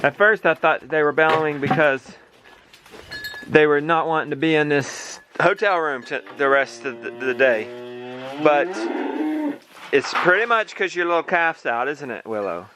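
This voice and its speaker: A man's voice: a little high, moderate pace, noisy background. A man hosting a casual family farm vlog, talking to his viewers in a chatty, playful way as he works outdoors. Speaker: vlog host.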